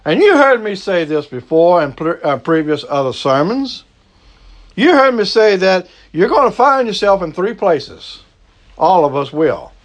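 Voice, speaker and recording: A Cajun man from the American South preaches with a lively, swooping voice that climbs high on each push and sinks low and hushed to land a point. He speaks slowly and deliberately and keeps circling back to his key phrases. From Southern United States. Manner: emphatic preaching, repeats key phrases, drops to a low slow hush for stress. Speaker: pastor. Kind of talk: sermon.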